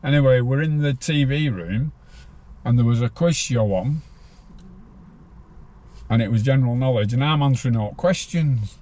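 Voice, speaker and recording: A man's voice: medium pitch, moderate pace, long pauses, mellow. Blunt older man telling prison stories. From Farnworth, northern England. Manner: blunt, swears freely, laughs at his own stories. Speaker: guest, former prisoner. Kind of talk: casual storytelling interview.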